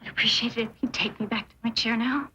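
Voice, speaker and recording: A woman's voice: fairly high pitch, steady tone, fast talker, sharp tone, a little hiss or hum. An actress playing a guarded young woman in an old action film. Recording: dull lo-fi film soundtrack.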